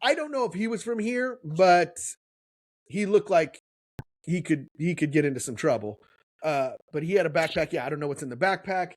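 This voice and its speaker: A man's voice: fairly high pitch, lively intonation, normal speed, no echo. A middle-aged man, a podcast co-host, telling a story in casual chat and acting out the voices he quotes.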